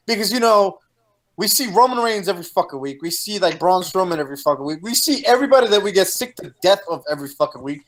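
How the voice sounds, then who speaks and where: A man chatting on a video call in a profane, excitable way. His pitch swings widely and he breaks into laughter often. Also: fast talker, rough recording. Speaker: co-host of a wrestling chat show. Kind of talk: casual chat.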